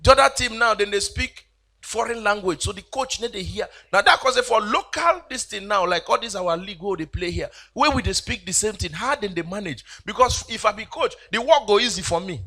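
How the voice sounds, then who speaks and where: A Nigerian man doing animated stand-up comedy on a church event stage, mixing in Pidgin and mimicking people. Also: high-pitched, fairly quick.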